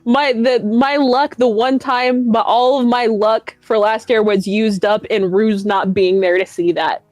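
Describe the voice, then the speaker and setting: A woman's voice: on the high side, steady tone, unhurried, a little mellow, no room sound, faint music behind. A woman guest on a chat stream, telling stories in a rambling, self-mocking way with a lot of swearing. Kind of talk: casual chat.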